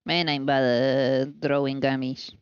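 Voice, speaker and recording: Slow-talking woman streamer, dull lo-fi mic. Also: very deep voice, level tone, clear, resonant tone, no room sound. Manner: chatty, scatterbrained, self-teasing, talking to herself. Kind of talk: casual live-stream chat while baking. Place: home kitchen.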